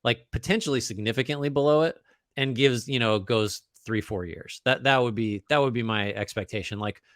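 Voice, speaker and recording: A man's voice: lowish voice, fairly bright tone, no room sound, studio quality. A man co-hosting a casual basketball podcast, thinking aloud with frequent restarts and fillers. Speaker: podcast co-host. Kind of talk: casual basketball analysis chat.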